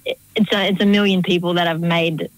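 A woman's voice: lowish voice, fairly even intonation, a little fast, low-quality recording. A young woman, a choreographer chatting in a radio interview, rambling and full of "like" fillers. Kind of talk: casual interview chat.

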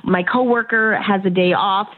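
A woman's voice: medium pitch, steady tone, moderate pace. A woman pharmacist on a phone call, skeptical and exasperated. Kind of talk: phone conversation. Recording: muffled phone audio.

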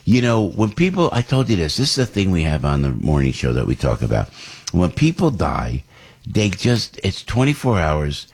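A man hosting a radio talk show, rambling and animated, often asking rhetorical questions. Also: low-pitched, moderate pace, vocal fry, husky. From New Jersey. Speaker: radio host.

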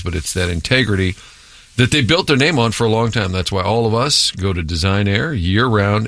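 Male radio host, smooth persuasive ad read, lowish voice, dry sound. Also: fairly bright tone, no room sound. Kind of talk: live-read ad and banter.

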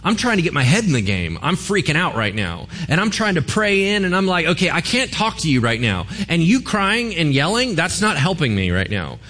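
A man's voice: fairly high pitch, sing-song, brisk, few pauses, fairly bright tone. Man, pastor, sermon, conversational, humorous, rhetorical questions. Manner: conversational, joking, asks the audience questions.

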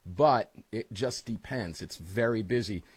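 A male talk radio host hosting from his studio, energetic, chummy and rambling. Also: lowish voice, unhurried, slightly rough, no room sound.

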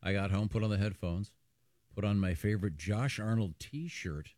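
A man's voice: lowish voice, normal speed, a little mellow, no echo. A man hosting a radio show, reading listener letters aloud with mock indignation. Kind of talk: casual comedic radio banter.

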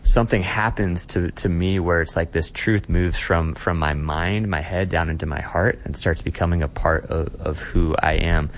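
Low-voiced pastor guy talking earnest on a podcast, bit of faint room noise behind. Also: moderate pace, hardly any pauses. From Austin, Texas. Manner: earnest, repeats words when starting phrases. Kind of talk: podcast interview.

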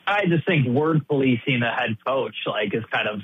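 A man's voice: mid-range voice, lively intonation, normal speed, husky, no echo. A man calling into a sports radio show, chatting in a laid-back, joking way. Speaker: caller. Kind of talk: casual call-in chat. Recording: tinny phone line.

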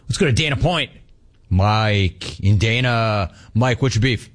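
A middle-aged man hosting a call-in radio talk show, ranting with energy and mimicking people in a high voice. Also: expressive, a little slow.

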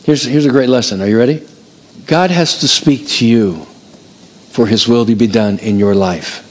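An older male pastor preaching a sermon in an animated, conversational way, repeating phrases for emphasis. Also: mid-range voice, normal speed.

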